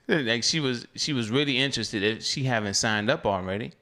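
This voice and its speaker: A man's voice: medium pitch, fairly quick, pushed and bright. A man hosting a casual podcast chat, joking around and laughing often. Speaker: podcast host.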